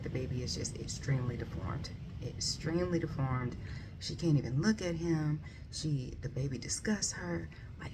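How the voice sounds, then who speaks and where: Female book vlogger, very deep gravelly voice, loose rambling delivery. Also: very noisy. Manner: rambling, many ums and likes, self-correcting. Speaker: book reviewer. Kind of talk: casual book review vlog.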